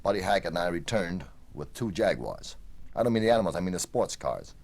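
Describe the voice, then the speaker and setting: A man with a very low voice tells short comic stories. He delivers them in a dry, deadpan way, letting each punchline land flat. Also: fairly quick, creaky. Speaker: comedian. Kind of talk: stand-up storytelling.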